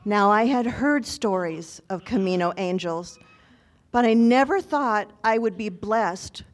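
Slow, earnest woman telling a story. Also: medium pitch. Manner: earnest, reflective and conversational. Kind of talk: personal storytelling to an audience.

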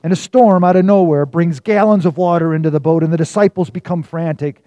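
A man preaching a sermon, telling a story and swinging from loud emphasis to hushed, quiet lines. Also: a little high, steady tone, brisk, dry recording, dull audio. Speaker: pastor.

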